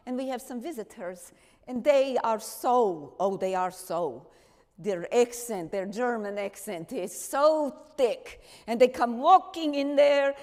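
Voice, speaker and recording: A woman performing a theatrical monologue, playing a spirited woman who tells her story straight to an audience in a church, with the long reverb of the hall. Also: on the high side. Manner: animated, direct storytelling to an audience. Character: spirited woman recalling her wartime past. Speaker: stage actress in a one-woman show.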